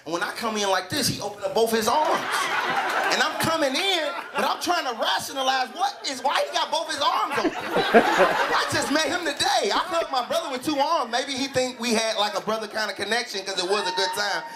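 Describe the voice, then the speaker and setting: A man telling a story as a stand-up comedian, animated, with a live crowd laughing. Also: very high voice, fairly quick. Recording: played back live club set with crowd and noise.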